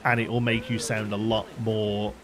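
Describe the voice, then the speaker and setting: A man's voice: on the low side, level tone, moderate pace, a crowd in the background. Chatty English man, light Liverpool tinge. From England. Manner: chatty and digressive, laughs often. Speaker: live-stream host. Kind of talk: casual chat while building in a game. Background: faint background music.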